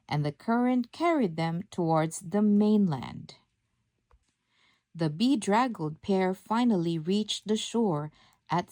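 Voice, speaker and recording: Slow, measured woman reading a storybook. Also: medium pitch, warm tone, dry recording. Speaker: storybook reader. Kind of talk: scripted storybook narration.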